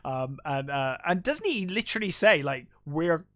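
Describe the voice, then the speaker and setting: A man's voice: a little high, very animated, moderate pace, fairly bright tone, dry recording. A man co-hosting a film podcast, casually retelling scenes and acting out the characters' lines with lots of fillers. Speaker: podcast co-host. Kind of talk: casual film review chat.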